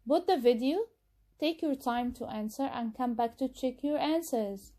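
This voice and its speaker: Egyptian woman teacher, high and mellow, measured video-lesson delivery. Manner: slow, careful reading of exercise answers. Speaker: English teacher.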